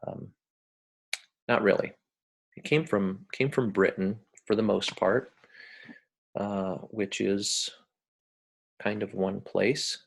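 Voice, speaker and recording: Brief: deep, gravelly American professor, slow and hesitant lecture delivery. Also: male voice. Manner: hesitant, many fillers and restarts, explains with a metaphor.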